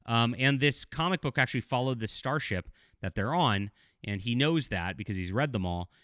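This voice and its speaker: A man's voice: mid-range voice, animated, moderate pace, fairly bright tone, no room sound, clean studio sound. A middle-aged man giving casual video commentary as a TV show reviewer, blunt and critical, rambling with fillers.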